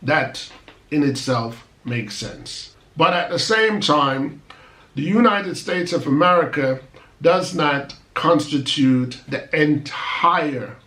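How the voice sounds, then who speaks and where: A man's voice: fairly high pitch, lively intonation, slow, bright, forceful tone. Emphatic man in an echoey room. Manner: emphatic, argumentative, mocks critics with rhetorical asides. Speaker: channel host. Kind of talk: opinion monologue to camera.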